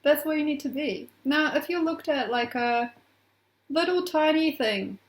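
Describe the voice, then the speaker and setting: Woman astrologer, casual vlog, teasing and warm-hearted, high-pitched, roomy sound. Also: expressive, a little slow. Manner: playful, affectionate, teasing, laughs often. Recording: echoey room.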